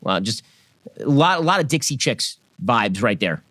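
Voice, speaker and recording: A man in his thirties delivers scripted political commentary with a sarcastic, mocking edge. His pitch swings widely from phrase to phrase, and the sound is dry and close, with no room around it. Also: very animated, normal speed, fairly bright tone, no room sound. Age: 30s.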